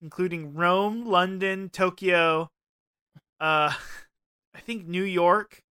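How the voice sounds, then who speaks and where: A man's voice: high-pitched, fairly even intonation, slow pace, pushed and bright, smooth. A young man co-hosting a podcast, rambling and joking in casual chat, swearing freely. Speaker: podcast co-host.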